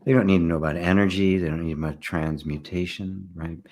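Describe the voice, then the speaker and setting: An older man, a spiritual teacher, giving a relaxed satsang talk, often checking in with "right?" and soft laughs. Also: low voice, brisk. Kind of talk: satsang talk, answering questions.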